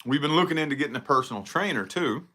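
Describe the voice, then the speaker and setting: A man's voice: fairly high pitch, lively intonation, quick pace, sharp tone. A man talking casually to camera in a solo vlog, rambling and swearing freely as he picks apart his own habits. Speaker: vlogger.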